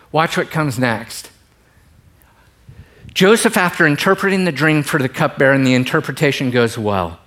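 Animated joking preacher man. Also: a little high. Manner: animated, joking, swings between quiet emphasis and loud bursts. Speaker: pastor. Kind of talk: sermon.

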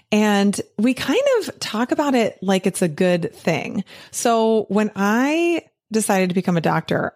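A woman's voice: fairly low pitch, darkish tone, no room sound, clean studio sound. A middle-aged woman hosting her own podcast, talking casually and animatedly, pleading playfully with her listeners. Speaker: podcast host and physician coach. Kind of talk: casual solo podcast talk.

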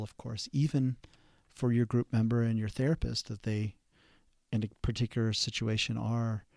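A man hosts an instructional therapy podcast, explaining ideas in a measured, halting way with frequent ums and restarts. His voice is low and mellow. The recording is dry and close, with no room sound. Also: no room sound.

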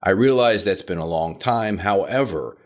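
A South Florida man who trains puppies hosts a podcast, delivering an instructive monologue at a moderate pace. Now and then he imitates shrill dog owners.

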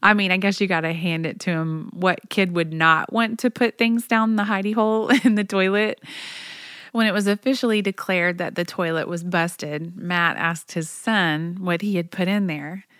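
A woman in her forties with a lowish, smooth, resonant voice, chatty and anecdotal, laughing now and then as she tells stories. The sound is close and dry. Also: steady tone, normal speed, a bit bright, no room sound. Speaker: storyteller, mother on tour. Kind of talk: personal storytelling monologue.

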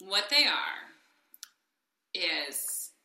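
A woman's voice: fairly low pitch, very animated, very slow, sharp tone, roomy sound. A woman co-hosting a podcast in casual chat, giggly and rambling with lots of fillers. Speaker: podcast co-host.

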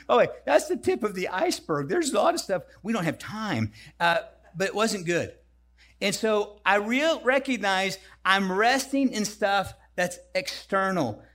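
Animated man preaching a sermon, raised pitch. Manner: animated, self-deprecating storytelling. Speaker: guest preacher.

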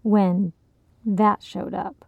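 Brief: woman voicing a timid, worried woman in a storybook, low gravelly tone. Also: fairly even intonation, extremely slow, no echo, phone-quality sound, heavily acted. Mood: cautious. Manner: cautious, worried. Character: timid cautious woman Cheryl, a story character. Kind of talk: audiobook character reading.

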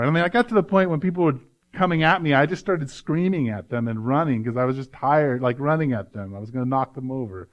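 A man's voice: mid-range voice, fast talker. Earnest male pastor preaching, muffled audio. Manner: earnest, conversational preaching with "right?" asides. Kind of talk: sermon.

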